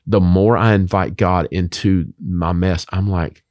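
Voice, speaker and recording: A man's voice: sits low, steady tone, unhurried, darkish tone, no room sound, clean studio sound. A man who is a Christian author, talking about faith in an emphatic, preacher-like way full of rhetorical questions.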